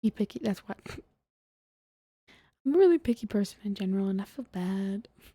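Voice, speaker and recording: A young woman streaming as a VTuber, chatting softly and giggling in a half-whisper after an ASMR stream. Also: medium pitch, normal speed, pauses often, husky, no room sound. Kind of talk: soft-spoken ASMR stream chat, often whispered.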